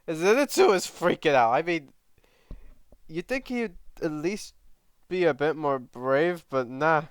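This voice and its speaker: A man's voice: a little high, animated, a little slow, clear, resonant tone, no echo, clean studio sound. A man casually narrating a fan story, chatty and self-correcting with side comments.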